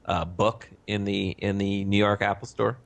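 A man's voice: lowish voice, little pitch movement, normal speed, gravelly, no room sound. A man co-hosting a casual tech podcast, rambling with stammers and fillers.

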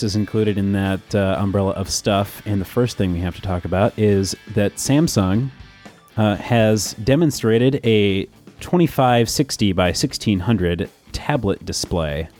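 A man's voice: fairly low pitch, darkish tone. A man hosting a casual tech podcast, chatty and laughing often, with plenty of fillers. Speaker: podcast host.

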